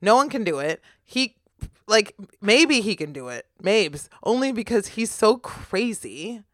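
A woman's voice: mid-range voice, big pitch swings, unhurried, fairly bright tone, no echo, studio quality. A woman, co-hosting a podcast in rambling, casual chat full of fillers. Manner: rambling, many fillers, laughing. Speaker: podcast co-host.

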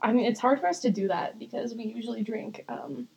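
A woman's voice: on the high side, fairly quick, gravelly, darkish tone, breathy edge, highs cut off. A young woman co-hosting a podcast in casual chat, rambling and giggling often, swearing casually. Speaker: podcast co-host.

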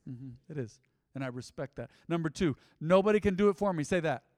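High-voiced preacher working the congregation. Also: male voice, expressive, brisk, darkish tone, no room sound, studio quality, big-room sound. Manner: call-and-response, conversational, asks congregation to repeat. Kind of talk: sermon. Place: church sanctuary.

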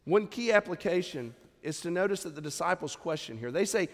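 A man's voice: sits high, animated, brisk. Man preaching, lots of questions to the crowd, voice swings up and down a lot, big echoey church. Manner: conversational preaching with rhetorical questions. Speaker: pastor. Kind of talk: sermon. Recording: long hall reverb.

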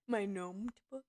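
A woman co-hosting a casual podcast, laid-back and giggly. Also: a little high. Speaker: podcast co-host. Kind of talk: casual chat.

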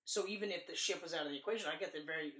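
A man co-hosting a casual movie podcast, rambling and animated, swearing freely as he talks. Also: a little high, rapid-fire. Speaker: podcast co-host. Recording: roomy, distant from the mic.

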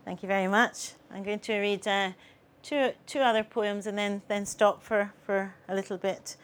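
A woman's voice: medium pitch, steady tone, normal speed. A woman poet giving a live poetry reading, with chatty asides between poems.

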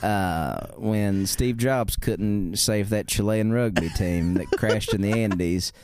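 A man co-hosting a casual chat, cracking profane deadpan jokes. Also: lowish voice, slow pace. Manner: joking, profane, deadpan riffs. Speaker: podcast co-host.

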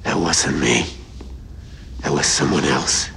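An actor playing a menacing masked male child abductor in a film, speaking in a slow, falsely soothing way. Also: very deep voice, gravelly, fairly bright tone, slight background noise, full character voice. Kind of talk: film acting.

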